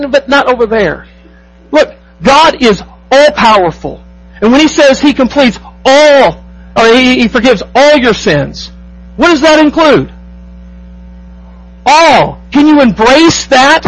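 Husky high-voiced male preacher. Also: lively intonation, unhurried, low-quality recording. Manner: emphatic preaching with rhetorical questions to the congregation. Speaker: pastor. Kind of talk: sermon.

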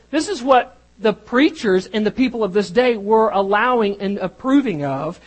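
Preacher giving a sermon, punchy then soft, big swings in loudness. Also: medium pitch, slightly rough, low-quality recording. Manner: emphatic, swinging between loud and hushed.

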